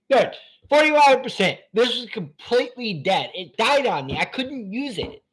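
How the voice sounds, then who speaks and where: A man hosting a live stream from his phone, rambling between topics in an excitable, profane way. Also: very high-pitched, normal speed, breathy edge. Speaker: channel host.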